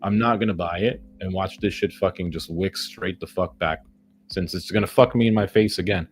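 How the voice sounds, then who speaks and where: Low-voiced man ranting profanely at trades. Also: moderate pace, soft background music. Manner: profane, frustrated ranting at the market; sarcastic self-mockery. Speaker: day trader streaming his trades. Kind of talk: live trading commentary.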